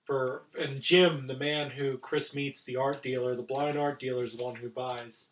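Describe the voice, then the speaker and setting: A man's voice: medium pitch, moderate pace, recorded from a distance, low-quality recording. Man a bit back from the mic. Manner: relaxed, plot-summarizing, brief interjections. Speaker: podcast co-host. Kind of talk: casual film discussion.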